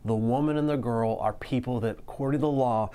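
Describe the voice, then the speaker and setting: Male pastor, sermon delivery, earnest, slows for emphasis. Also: mid-range voice, dark tone, smooth.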